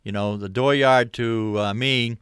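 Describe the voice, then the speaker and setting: A middle-aged man from Maine with a Maine accent, hosting a relaxed livestream chat with viewers, rambling easily with lots of fillers. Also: medium pitch, measured pace, clean tone, dry recording, studio quality. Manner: easygoing, rambling, many uh fillers, chuckles. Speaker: livestream host. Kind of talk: casual chat reading viewer comments.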